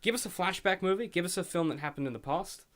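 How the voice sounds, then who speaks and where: A young man talks through a film on a podcast in a fast, animated rant, swearing as he goes. His voice sits a little high, and he jumps between complaints and excited ideas. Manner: animated, ranting, swears freely. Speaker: podcast co-host. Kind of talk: casual film review chat.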